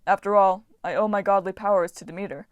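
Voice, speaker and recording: A woman's voice: medium pitch, fairly even intonation, quick pace, no echo, highs cut off, lightly acted. A woman voicing an eccentric, self-absorbed male farming god, chatty and enthusiastic, in a storybook reading.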